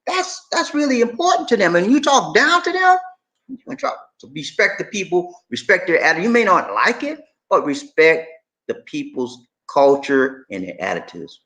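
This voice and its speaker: A man's voice: sits high, very animated, normal speed, pushed and bright. A middle-aged man co-hosting a casual live stream, reading viewer comments and talking straight to the audience in an emphatic, repetitive way.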